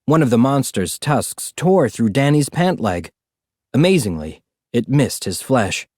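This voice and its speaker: A man narrating a storybook in an expressive, animated reading. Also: medium pitch, unhurried, no echo, studio quality. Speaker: audiobook narrator.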